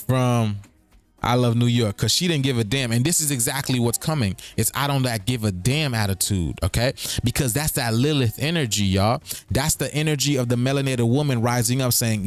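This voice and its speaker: A man hosting a livestream in a casual, rambling commentary style. He repeats himself and keeps checking in with his listeners. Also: medium pitch. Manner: breaks words apart and riffs on them. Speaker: streaming show host.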